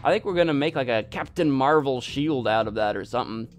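A man's voice: medium pitch, animated, a little fast, faint music behind. A man casually narrating his own gameplay, rambling and joking at himself. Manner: rambling, self-mocking. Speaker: gaming video host. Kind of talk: let's-play commentary.

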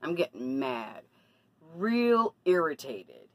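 A woman's voice: deep voice, very animated, slow pace, dry recording, poor audio. A woman talking casually to her camera in a personal vlog, confiding and then indignant about bad deals. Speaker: vlogger.

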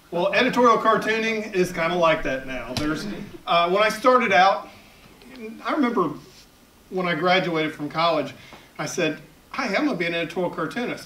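Speaking to an audience in a library event hall, a Southern editorial cartoonist in his fifties shares tales from his career, chatty and ready to laugh at himself. His voice is fairly high for a man, pushed and bright, captured from afar in an echoing room with slight background noise.

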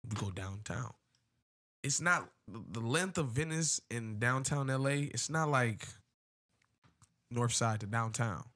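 A man's voice: medium pitch, measured pace, pauses often, a bit bright. A man from telling a long story on a casual podcast, rambling with lots of fillers and slang. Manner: rambling, many "you know" fillers, slangy. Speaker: podcast co-host.

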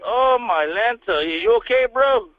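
High-voiced Mexican-American man on a muffled phone line. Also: expressive, measured pace, a loud crowd. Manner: teasing, laid-back, mixes in Spanish slang. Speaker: call recipient. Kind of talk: phone call banter.

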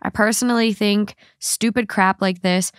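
A woman's voice: medium pitch, fairly even intonation, no echo. Blunt woman podcast host, dry close mic. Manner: blunt, quick to swear. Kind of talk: casual chat.

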